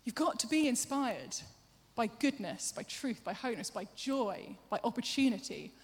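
A woman preacher giving a sermon, chatty and self-deprecating, with quick asides to the congregation. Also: fairly high pitch, sing-song, husky. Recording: long hall reverb.

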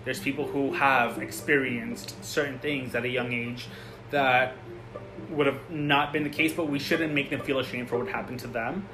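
A man co-hosting a casual podcast, making his point earnestly and hesitantly with many pauses. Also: mid-range voice, fairly even intonation, over music, low-quality recording. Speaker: podcast co-host.

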